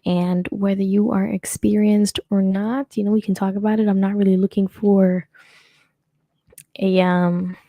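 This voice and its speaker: A woman's voice: mid-range voice, flat delivery, measured pace, dark tone, dry recording. A young adult woman hosting her own show, chatting casually and rambling with lots of fillers and restarts. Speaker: podcast host. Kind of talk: casual solo chat.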